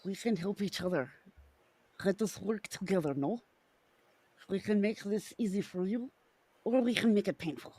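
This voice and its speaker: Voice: medium pitch, normal speed, long pauses, mellow, breathy edge, lightly acted. A woman voicing a menacing male officer with a fake German-Russian accent in a comic read-aloud. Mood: gloating.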